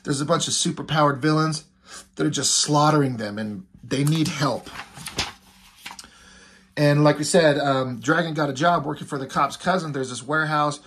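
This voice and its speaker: A man's voice: on the high side, moderate pace, a bit bright, a little hiss or hum. A man casually recapping a comic book as a reviewer, rambling with lots of fillers.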